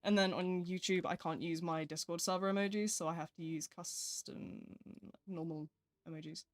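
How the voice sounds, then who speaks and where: A woman's voice: lowish voice, fairly even intonation, moderate pace. Chatty young British woman streaming. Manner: chatty, rambling, self-deprecating, reads chat aloud. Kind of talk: live gameplay stream chat.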